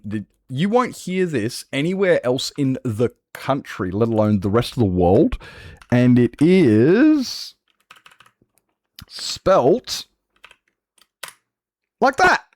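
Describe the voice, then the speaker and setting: A man's voice: medium pitch, sing-song, slow pace, darkish tone, dry recording. A man chatting casually on a gaming livestream, swearing freely and laughing often. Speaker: streamer.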